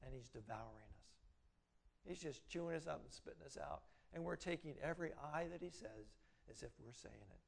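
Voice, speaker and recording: Preaching with animation at a moderate pace, a middle-aged pastor lets his voice swell on exhortations and sink low and soft when he speaks his private doubts. There's vocal fry in his voice.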